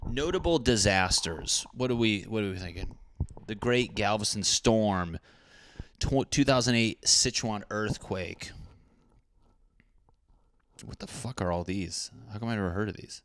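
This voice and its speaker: A man's voice: fairly low pitch, measured pace, long pauses, fairly bright tone, no echo. A man hosting his own podcast, talking in a rambling, profane, jokey way. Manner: profane, rambling, puts on comic voices. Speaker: podcast host. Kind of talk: solo podcast rant.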